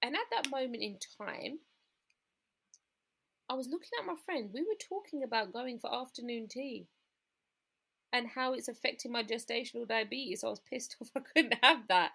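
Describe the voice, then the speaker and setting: Woman, gravelly voice, candid storytelling guest, quotes what people said. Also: a little high, moderate pace, pushed and bright. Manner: candid, recounting events with quoted dialogue. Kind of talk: personal story in a podcast interview.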